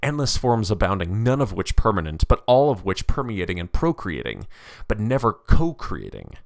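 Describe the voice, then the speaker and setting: A man's voice: lowish voice, big pitch swings, moderate pace, no echo, studio quality. A man voicing the spirit of a medieval male poet who scolds and preaches in a stern, grand manner. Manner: stern, preaching, with mocking laughs. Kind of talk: dramatic reading of a story.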